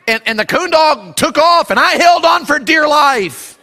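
A man's voice: very high voice, expressive, a little slow, hardly any pauses, sharp tone, long reverb tail. A male pastor preaching a sermon, telling a folksy personal story and acting out the voices in it.

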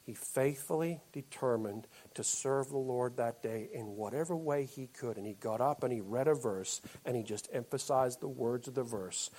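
A man preaching a sermon as pastor, moving between loud emphatic lines and quiet, slowed-down ones. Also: medium pitch.

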